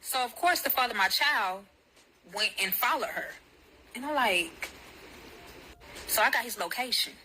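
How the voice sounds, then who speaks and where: A woman tells her own story straight to camera, cursing bluntly and animatedly. Her voice is bright and a touch high, with faint background hiss. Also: animated, moderate pace, pauses often, rough recording. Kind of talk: casual storytelling to viewers.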